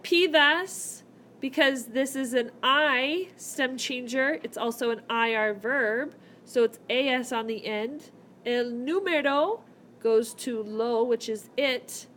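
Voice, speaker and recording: Slow, chatty woman teaching grammar. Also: high voice, fairly bright tone, a little hiss or hum. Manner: chatty, playful asides while explaining grammar step by step. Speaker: Spanish teacher. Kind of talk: recorded whiteboard lesson. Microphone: tablet microphone.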